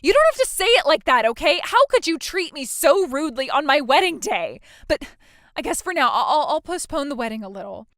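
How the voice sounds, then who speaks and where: Voicing a spoiled young bride in a dramatized texting story, a woman stammers out whiny demands, her high, slightly bright voice swinging widely in pitch and running a little fast. The recording is dry, close-miked, and free of room sound.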